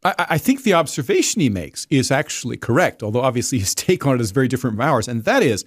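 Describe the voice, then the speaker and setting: Male guest, mid-pitched, rambling and restarting, dry close sound. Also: big pitch swings, slightly rough, dry recording. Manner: digressive, halting with repeated words. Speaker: guest editor. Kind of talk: casual discussion.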